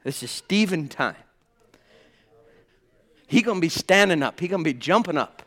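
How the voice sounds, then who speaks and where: A man's voice: a little high, expressive, moderate pace. Fervent man preaching a sermon. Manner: fervent, swinging from hushed tones to ringing exclamations; addresses the congregation as brothers and sisters.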